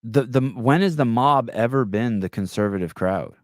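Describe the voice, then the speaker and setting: A man hosting a podcast, chatting casually and telling stories with quick back-and-forth retorts. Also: medium pitch, dry recording, studio quality. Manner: animated storyteller, quick retorts. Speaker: podcast host. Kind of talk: casual chat.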